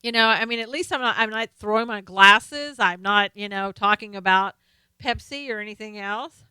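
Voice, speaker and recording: A middle-aged woman hosting a casual live stream, chatting with viewers and reading their comments, excitable, laughing and exclaiming often. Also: mid-range voice, moderate pace, clear, resonant tone, no room sound.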